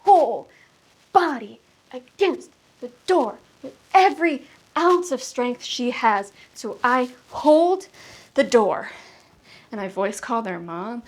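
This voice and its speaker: A woman's voice: a little high, expressive, darkish tone. Woman telling an intense personal story. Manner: intense, halting, emotional delivery. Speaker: solo comedian. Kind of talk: confessional storytelling monologue. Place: apartment.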